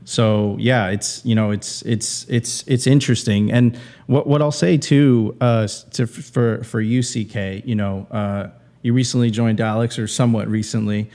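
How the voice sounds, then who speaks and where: A male host from Venezuela chatting on a panel, halting and restarting as he poses questions. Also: lowish voice, fairly even intonation, dark tone. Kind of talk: casual panel chat.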